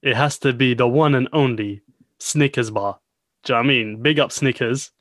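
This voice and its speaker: A man's voice: medium pitch, normal speed, fairly bright tone, no echo, studio quality, natural voice. A man putting on a put-on Cockney accent as a cocky London geezer, matey and swaggering.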